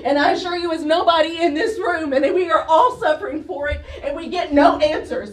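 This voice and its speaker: A woman pleading in tears during public comment at a council meeting, her voice shaking as she speaks. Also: extremely high pitch. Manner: pleading, breaking with emotion. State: crying, voice shaking. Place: council chamber. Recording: echoey chamber, distant mic.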